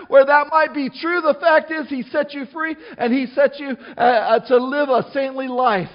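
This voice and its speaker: A man's voice: very high voice, normal speed, few pauses, lo-fi sound. A middle-aged man preaching a sermon to his church, in a conversational style with frequent restarts and asides. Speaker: pastor.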